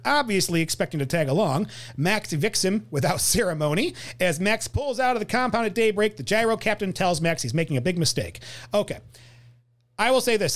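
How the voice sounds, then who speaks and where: A man hosting a podcast, recapping a film plot and joking with his co-host. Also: high-pitched. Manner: animated, laughs often, reads recap. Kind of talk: casual chat and plot recap.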